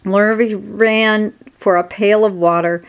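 A woman narrating a children's storybook aloud in a steady, expressive way. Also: medium pitch, takes it slowly, clean tone.

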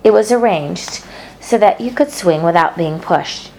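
A woman narrates a children's novel aloud. Her delivery is steady and gentle, and her voice sits a little low for a woman. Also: measured pace, slight background noise. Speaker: storybook narrator.

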